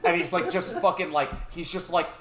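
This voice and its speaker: An excitable man co-hosting a podcast, his voice sitting a little high. He swears freely and gets wound up as he retells scenes. The room around him rings with echo. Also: fairly quick. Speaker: podcast co-host. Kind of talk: casual chat.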